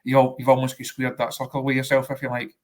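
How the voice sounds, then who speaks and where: A man interviewing a guest, asking long, measured questions. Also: mid-range voice, monotone, a little mellow. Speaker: interviewer, journalist.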